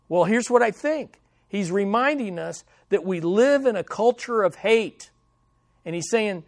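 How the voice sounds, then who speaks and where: A man preaching a sermon as pastor, delivering lines with dramatic, slow, punchy emphasis. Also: high-pitched, animated, no room sound, clean studio sound.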